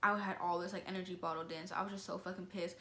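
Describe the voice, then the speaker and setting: A young woman telling a story to camera in a casual, slangy, animated way. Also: on the low side, rapid-fire, reverberant. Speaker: vlogger.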